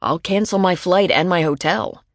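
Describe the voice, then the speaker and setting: A woman reading a calm, methodical grown man in an audiobook, in a low-key, matter-of-fact way. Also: moderate pace, no room sound, studio quality. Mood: concerned.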